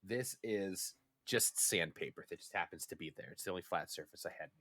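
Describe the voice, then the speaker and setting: A man's voice: deep voice, brisk, fairly bright tone, no room sound. A man co-hosting a gaming podcast in casual chat, making dry joking asides. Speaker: podcast co-host.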